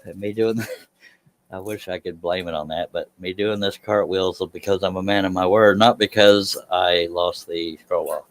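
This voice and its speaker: A man's voice: deep voice, fairly even intonation, moderate pace. A man chatting casually on a live stream while he works in his workshop. He talks in a rambling, self-deprecating way and laughs at himself.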